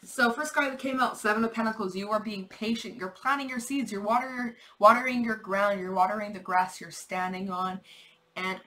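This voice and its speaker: Young woman doing a tarot reading, bright voice, rambly and chatty, swears a lot. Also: medium pitch, fairly even intonation, moderate pace, slight background noise, poor audio. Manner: chatty, rambling, repeats herself, swears, laughs often. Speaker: tarot reader.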